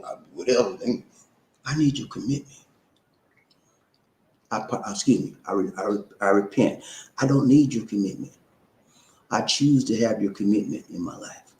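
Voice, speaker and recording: A man's voice: medium pitch, big pitch swings, normal speed, pauses often, echoey room. A man hosting a relationship advice channel, talking to viewers in a loose, colloquial way and hyping them up. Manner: chatty, sings snippets and hypes up viewers, laughs often. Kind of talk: casual talk to camera.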